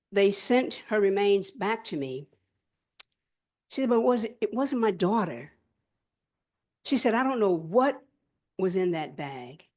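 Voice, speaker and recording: A middle-aged woman delivers an impassioned public speech, telling stories in an earnest, measured way. She repeats key phrases for weight and answers her own rhetorical questions with firm conviction. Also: medium pitch, darkish tone. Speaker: former state senator giving a speech.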